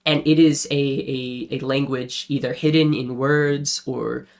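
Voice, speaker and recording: A man's voice: mid-range voice, steady tone, a little slow, vocal fry. A man narrating as game master for a tabletop role-playing game, describing scenes casually with frequent fillers.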